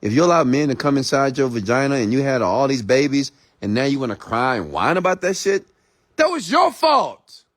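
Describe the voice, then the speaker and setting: A man's voice: mid-range voice, expressive, brisk, few pauses. A man who is an entrepreneur and mentor, delivering a blunt, profane, confrontational late-night motivational rant.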